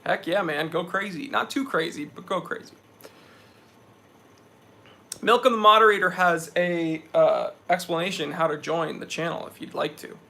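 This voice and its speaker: Slightly high-pitched with some vocal fry, this young man from New England talks at a normal speed in a bright, forceful tone. He's running a live stream, chatty and relaxed, reading out comments from viewers and responding.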